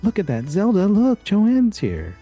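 A man voicing a gossipy aging female Hollywood character actress, shrill and gushing. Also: huge pitch swings, unhurried, warm tone, breathy edge, soft background music, heavily acted.

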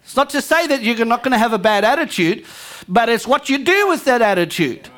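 A woman pastor delivers a lively sermon from a church pulpit, her voice sitting high. She keeps calling out to the congregation as she preaches, pressing them to answer back. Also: a little fast. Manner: energetic, calls out to the congregation. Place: church sanctuary.

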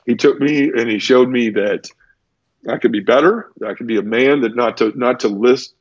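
A man's voice: medium pitch, normal speed, dry recording, highs cut off. A man earnestly telling his personal conversion story in a conversational interview, tumbling through it with restarts. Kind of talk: conversational testimony.

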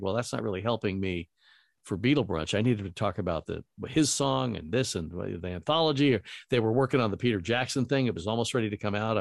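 A lowish, gravelly voice belongs to a middle-aged radio host and voiceover talent. Recorded studio-clean without echo, he casually tells rambling anecdotes stuffed with quoted lines.

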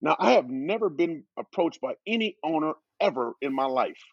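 A former pro football player telling a lively anecdote as a guest, with a dull, dry lo-fi recording. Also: male voice, a little high, moderate pace, creaky, breathy edge, no room sound. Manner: animated, laughing storyteller. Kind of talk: storytelling.

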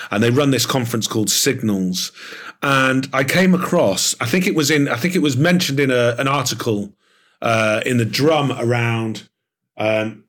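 A man being interviewed as an author, talking in an animated, enthusiastic way with plenty of fillers. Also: mid-range voice. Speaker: author and guest. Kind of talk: podcast interview.

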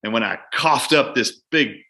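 A man, a doctor appearing as a guest, telling a long story from his practice in lively conversation and acting out both his own lines and his patient's. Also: mid-range voice, moderate pace. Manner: animated, acts out both sides of a patient exchange.

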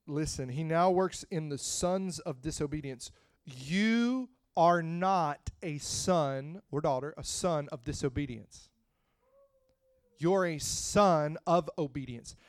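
A man preaching a sermon, moving from quiet, close talk to loud, rising preaching and calling out to the congregation. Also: on the high side, slow, dry recording. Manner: calls out to the congregation.

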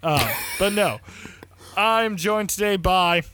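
A man's voice: high-pitched, animated, takes it slowly, bright, forceful tone. A young man hosting a podcast in casual, jokey banter, swearing freely. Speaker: podcast host.

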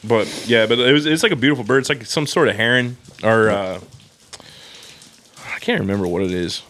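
A man's voice: mid-range voice, fairly quick, a bit bright, a little hiss or hum. A young man with a Southern Californian accent co-hosting a casual podcast, talking in loose slang full of swearing and "dude.". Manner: profane, laid-back slang, lots of "dude". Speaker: podcast co-host. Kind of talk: casual chat.

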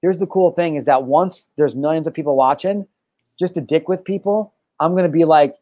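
A man hosting a casual podcast, joking around, animated, and swearing freely. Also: on the high side, moderate pace, dry recording. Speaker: podcast host. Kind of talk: casual chat.

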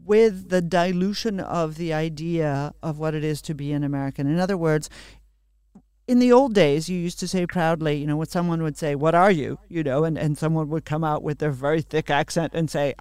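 Man from australia interviewing, emphatic, stumbles a lot, smooth clear voice, dry sound. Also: on the high side, normal speed, a little mellow, no echo. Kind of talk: conversational interview questions.

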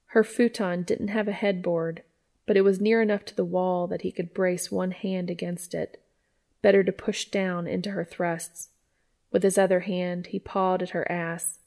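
A woman reading fan fiction aloud in a soft, even storytelling voice. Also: medium pitch, vocal fry.

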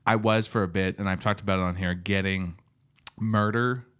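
Low-voiced man rambling on a podcast. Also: steady tone, normal speed, a bit bright, clean tone. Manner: rambling, trailing into asides. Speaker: podcast co-host. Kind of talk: casual chat.

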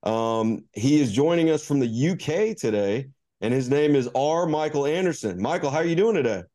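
A man's voice: mid-range voice, expressive, moderate pace, dark tone. Man hosting a podcast interview, easygoing delivery full of ums, mid-range voice. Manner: hesitant, many ums and restarts. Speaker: podcast host.

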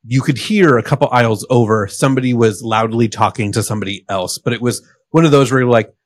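A man's voice: mid-range voice, fast, no echo, studio quality. A man co-hosting a podcast, telling a story casually with lots of fillers and restarts. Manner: rambling, filler-heavy storyteller. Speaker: podcast co-host.

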